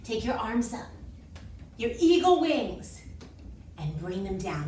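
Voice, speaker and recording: Woman dance teacher with a high, bright voice, cheerful and encouraging, calling counts and chants to young dancers. Recorded from across an echoey room with music playing. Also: very animated, slow, long pauses, far from the mic, a little hiss or hum. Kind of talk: leading a children's dance class.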